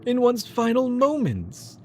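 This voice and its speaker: A man reading the lines of a solemn, otherworldly ghostly creature in a stately, measured way. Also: extremely high pitch, wildly swooping pitch, faint music behind, voice pushed up, exaggerated voice.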